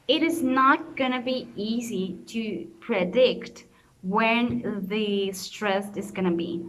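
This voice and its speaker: A woman's voice: medium pitch, takes it slowly, echoey room, slight background noise, poor audio. A young woman with a Colombian Spanish accent, a native Spanish speaker, explaining pronunciation rules to a class in a casual, encouraging way. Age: young adult. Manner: casual, encouraging teacher tone with fillers. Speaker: student presenter.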